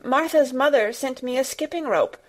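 A woman voicing an anxious, eager little girl who speaks in a halting, tremulous way. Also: high-pitched, voice pushed up. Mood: pleading.

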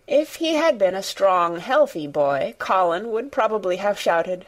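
Female audiobook reader, steady storytelling, slow unhurried pace. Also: mid-range voice. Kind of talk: scripted narration.

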